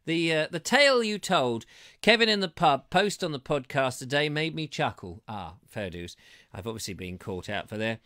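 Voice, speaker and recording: A middle-aged man from England chats his way through viewers' comments in a rambling, jokey manner. His voice is bright and fairly high for a man, and his pitch rises and falls a lot as he talks. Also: expressive, moderate pace. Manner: rambling, jokey, playful wordplay. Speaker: host reading live chat comments. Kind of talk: casual chatty livestream.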